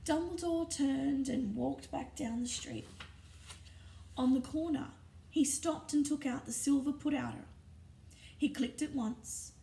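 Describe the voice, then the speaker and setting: A woman reading a storybook aloud in an expressive, often hushed narrating voice. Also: high-pitched, gravelly. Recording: roomy echo, distant mic, faint ambience.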